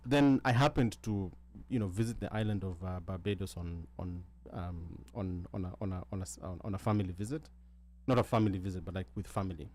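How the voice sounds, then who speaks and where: A Kenyan man with a fairly low voice speaks on a panel talk show. He talks in a loose, halting way, often restarting his sentences as he tells his story. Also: darkish tone. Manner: halting, many restarts, switches between English and Swahili. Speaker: guest.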